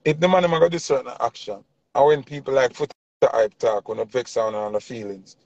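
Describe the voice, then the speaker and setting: A man's voice: medium pitch, fairly quick, darkish tone, dry recording. A man with a Jamaican accent delivering a passionate, preachy commentary rant in heavy Patois. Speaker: vlogger. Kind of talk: ranting commentary. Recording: dull lo-fi dry sound.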